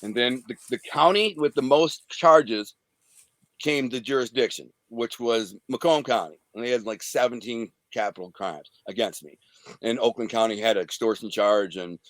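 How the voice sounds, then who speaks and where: A man's voice: medium pitch, moderate pace, dry recording. A man from the Detroit area, a guest telling a blunt, profane, streetwise story from his past. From Detroit area, USA. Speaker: interview guest.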